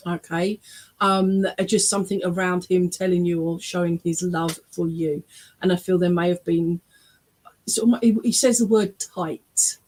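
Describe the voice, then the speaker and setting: An English woman, a spiritualist medium, giving readings at an online church service from her webcam, often checking in with "all right?" and "okay?". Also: lowish voice. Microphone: webcam on a video stream.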